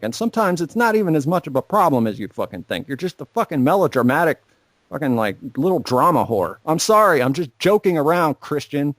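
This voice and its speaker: A man's voice: fairly high pitch, no echo. A young man co-hosting a podcast, ranting and swearing constantly in a sarcastic, casual chat. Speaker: podcast co-host.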